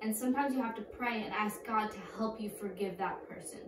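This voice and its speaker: A woman's voice: medium pitch, a little fast. A woman teaching a children's church lesson, upbeat and speaking simply to kids. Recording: echoey room, distant mic, background noise.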